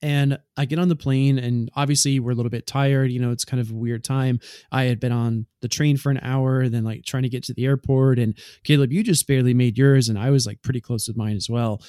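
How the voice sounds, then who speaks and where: A man's voice: mid-range voice, fairly even intonation, a little fast, warm tone, clear, resonant tone, no room sound, studio quality. A man co-hosting a podcast, telling a long anecdote in casual chat with many fillers. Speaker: podcast co-host.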